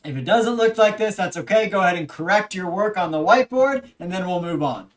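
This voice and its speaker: Lecturer, patient teaching voice, mid pitch, a bit distant from the mic. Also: a little fast. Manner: patient, steady teaching with frequent filler "uh". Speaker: Greek language instructor. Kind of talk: recorded lecture.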